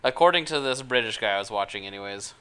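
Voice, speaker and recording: A man's voice: fairly low pitch, lively intonation, fast, bright, forceful tone. A man from Utah streaming live, chatting casually and thinking aloud with hesitant restarts as he works. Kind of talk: casual live-stream chat while working.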